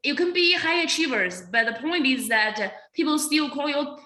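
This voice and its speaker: Woman, comedian guest, slightly high, bright, echoey room, blunt, profane. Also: expressive, normal speed. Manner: blunt, salty, laughs at own jokes. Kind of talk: casual interview talk.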